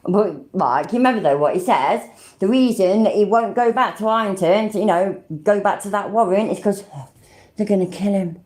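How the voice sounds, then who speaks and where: A woman's voice: medium pitch, moderate pace, a little mellow. Sweary British woman live-streaming. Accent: British English. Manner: blunt, sweary, talks to chat. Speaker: livestream host. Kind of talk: casual live reaction commentary.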